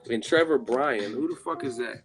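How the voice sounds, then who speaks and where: A man's voice: mid-range voice, moderate pace, over music. A man hosting a live-stream chat, rambling and profane as he riffs on viewer comments. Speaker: host.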